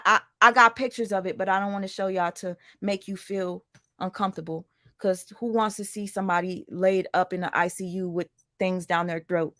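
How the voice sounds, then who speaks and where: A woman's voice: medium pitch, fairly bright tone, no room sound, clean studio sound. A woman chatting casually to her livestream viewers, rambling through asides and greetings to viewers by name. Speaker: livestream commentator.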